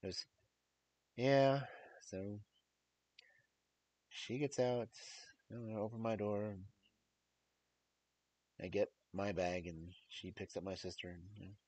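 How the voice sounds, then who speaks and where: Low-voiced male storyteller, casual and rambling. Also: level tone, measured pace, long pauses, darkish tone, husky, low-quality recording. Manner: rambling, with many fillers and restarts.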